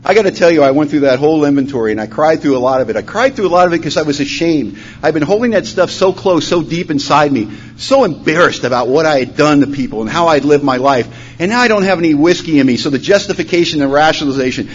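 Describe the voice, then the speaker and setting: A man telling his recovery story at a conference, acting out the dialogue, his voice rising loud and dropping to a hush. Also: on the high side, expressive, fast talker, few pauses. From Washington state, USA. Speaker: recovery meeting speaker. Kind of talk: personal testimony talk. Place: conference hall. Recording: dull lo-fi conference recording, faint hum.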